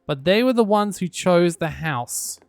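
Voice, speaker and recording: Gravelly man muttering gameplay commentary. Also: sits high, lively intonation, unhurried. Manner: muttering to himself, dry sarcastic asides. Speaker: gaming YouTuber.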